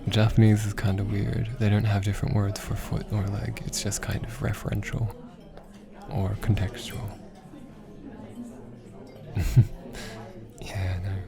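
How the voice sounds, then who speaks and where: A young man in a whispered role-play as a teasing, affectionate boyfriend teaching Japanese, talking softly with frequent laughs. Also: fairly low pitch, flat delivery, measured pace, creaky, pauses often, a crowd in the background. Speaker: ASMR roleplay creator. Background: background music.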